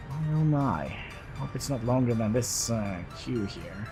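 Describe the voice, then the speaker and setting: A man's voice: mid-range voice, animated, takes it slowly, over music. A man livestreaming a city-building game, talking casually and hesitantly as he thinks aloud. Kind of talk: casual gameplay commentary.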